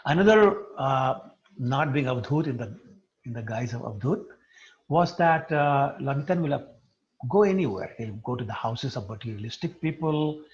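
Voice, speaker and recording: A religious teacher with a medium-pitched voice speaks at a moderate pace. He lectures devotionally, vividly recounting a sacred story and posing questions to those listening, all captured in a dull lo-fi recording.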